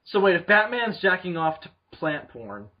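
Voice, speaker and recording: A young man chatting on a comedy podcast, crude and excitable, breaking into loud acted-out yells. His voice sits a little high. The recording sounds dull and lo-fi. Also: normal speed. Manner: crude, excitable, acts out scenes in yelling voices. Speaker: podcast co-host. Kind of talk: casual comedic chat.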